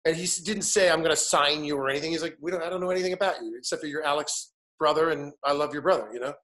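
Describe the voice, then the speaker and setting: Very fast and a bit bright, this higher-pitched male voice belongs to a man in his fifties who is a guest in casual talk. He recounts an anecdote with animation, imitating the others involved.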